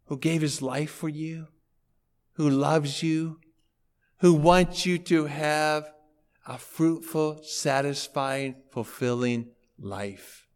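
Preacher guy telling a sermon story, slow and deliberate, kinda high voice, dramatic emphasis. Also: smooth. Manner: dramatic storytelling, acting out characters' lines; emphatic, rhetorical questions to congregation.

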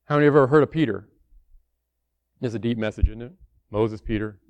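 A man's voice: mid-range voice, fast, a little mellow, no echo, dull audio. A man preaching a sermon in a conversational way, acting out the worried voices of church members.

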